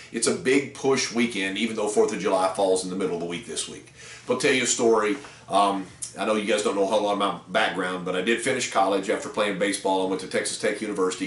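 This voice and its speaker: A middle-aged man speaks in a low voice, talking to salespeople in a casual, rambling way with plenty of fillers. He sounds distant from the mic, and his voice carries a roomy echo. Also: a bit bright. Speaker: car sales trainer. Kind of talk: storytelling talk to salespeople.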